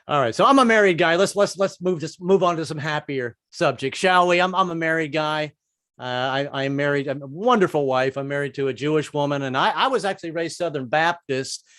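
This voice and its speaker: A male stand-up comic with a slightly high voice tells jokes, stumbling and repeating words on the way to each punchline. The sound is dry and close, with little room around him. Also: lively intonation, fairly bright tone, no room sound. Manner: halting, repeats words, drops into quick bits. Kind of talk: stand-up comedy set.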